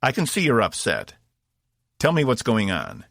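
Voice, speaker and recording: A man voicing a steady male officer who speaks in a calm, placating way to defuse a threat. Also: medium pitch, normal speed, creaky, dry recording, studio quality, voice pushed up, full character voice.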